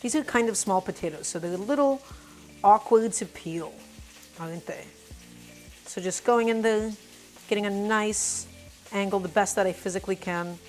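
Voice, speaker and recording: A woman's voice: mid-range voice, moderate pace, pauses often, darkish tone. A woman hosting a casual cooking live stream, talking through each step and greeting her viewers by name. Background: faint music and sizzling pan.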